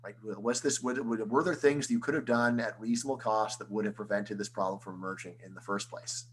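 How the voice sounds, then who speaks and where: A man, an economics professor, giving an online lecture in a conversational style, full of rhetorical questions and quick restarts. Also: fairly low pitch, fairly even intonation, slight background noise, poor audio. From United States.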